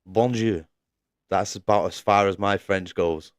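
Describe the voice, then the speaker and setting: A man's voice: sits low, little pitch movement, normal speed, clear, resonant tone, no echo, clean studio sound. A man commentating a sim racing league live stream, chatting casually, laughing often and reading out viewers' messages.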